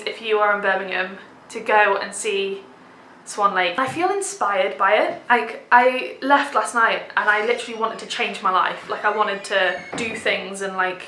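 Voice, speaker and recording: A woman's voice: mid-range voice, pushed and bright, reverberant, a little hiss or hum, rough recording. A young woman vlogging a theatre review, gushing with enthusiasm and dropping lots of "like"s. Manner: gushing, enthusiastic, many filler "like"s. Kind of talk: casual theatre review vlog.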